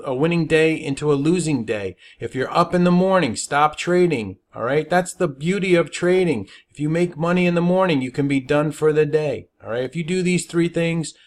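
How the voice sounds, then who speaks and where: A man teaching stock trading in a webinar, talking emphatically and checking in with "all right?" after his points. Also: a little high. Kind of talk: webinar presentation.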